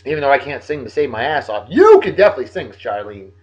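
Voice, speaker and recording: A man hosting a daily video show, reading out shout-outs to viewers in a jovial, folksy way with lively swings in his voice. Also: fast, highs cut off. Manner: jovial, folksy, animated, big pitch swings. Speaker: host of a daily beer and song video show. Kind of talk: casual shout-outs monologue.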